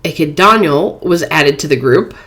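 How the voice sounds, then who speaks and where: A woman's voice: deep voice, expressive, moderate pace, a bit bright. A woman hosting a phone game playthrough, reading chat messages aloud in a playful, chatty way. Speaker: gaming channel host.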